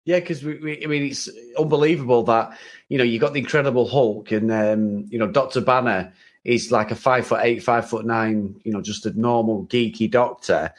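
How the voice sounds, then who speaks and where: A man's voice: medium pitch, fairly even intonation, brisk. Chatty man laughing through a review. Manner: chatty, laughs often, many restarts. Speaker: podcast co-host. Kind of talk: casual chat.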